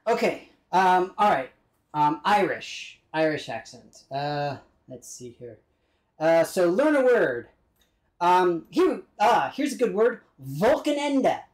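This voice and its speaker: A man's voice: high voice, very animated, slow, reverberant, low-quality recording. A man streaming a video game live, talking through it in a chatty, rambling, self-deprecating way and now and then trying out playful put-on accents. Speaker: gaming streamer. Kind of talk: live-streamed gameplay commentary.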